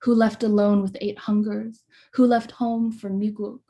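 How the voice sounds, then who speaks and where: A woman poet reading her work aloud over a video call in a measured, rhythmic way, with soft hesitant asides between poems. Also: medium pitch, flat delivery.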